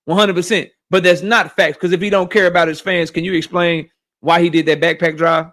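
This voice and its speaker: A man's voice: a little high, level tone, brisk, fairly bright tone. A man hosting a casual boxing livestream, ranting animatedly and profanely while reading chat messages.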